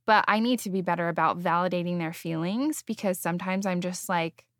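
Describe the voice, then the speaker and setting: A woman hosting a podcast, speaking candidly and thinking out loud about her own parenting. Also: fairly low pitch, brisk, no echo, studio quality. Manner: candid, thinking aloud with restarts. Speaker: podcast host. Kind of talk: casual chat.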